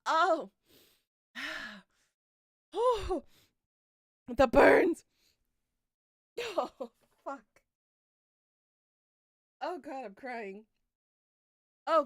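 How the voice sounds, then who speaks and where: A woman's voice: sits high, lively intonation, drawn-out words, pauses often, fairly bright tone, no room sound, studio quality. A woman streaming a spicy food challenge, swearing, groaning and coughing as she talks to her chat. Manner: swears a lot, groans and coughs through the heat. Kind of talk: livestream hot-sauce challenge chat.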